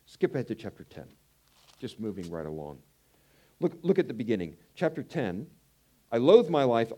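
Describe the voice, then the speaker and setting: A man preaching a conversational Bible teaching, animated and telling personal stories. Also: medium pitch. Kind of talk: sermon.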